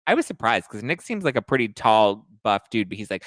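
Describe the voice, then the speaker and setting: A man's voice: lowish voice, big pitch swings, brisk, hardly any pauses, fairly bright tone, no echo. A male host recapping reality TV gossip in a casual, crude, playful way. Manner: gossipy, crude, playful, breaks into song snippets.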